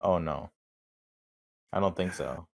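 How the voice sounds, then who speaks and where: A man's voice: low-pitched, slow pace, gravelly. A young man from Minnesota co-hosting a podcast, with a dry, teasing manner. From Minnesota, USA. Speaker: podcast co-host. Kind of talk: casual chat.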